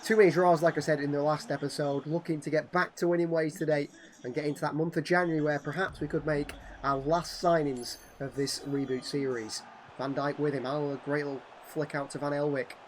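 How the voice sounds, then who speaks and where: A hoarse man commenting on a football video game as a channel host, switching from calm play-by-play to excited shouting at goals. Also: fairly high pitch, a little fast, a little hiss or hum.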